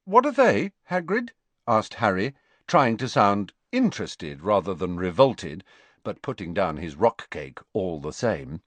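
Expressive low-voiced man reading a story. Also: measured pace, dry recording. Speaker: audiobook narrator. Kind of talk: audiobook reading.

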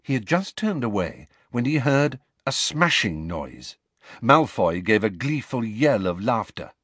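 A man reading a novel aloud as an expressive audiobook narrator. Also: measured pace, no echo. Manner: expressive storytelling with wide pitch swings. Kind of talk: scripted narration.

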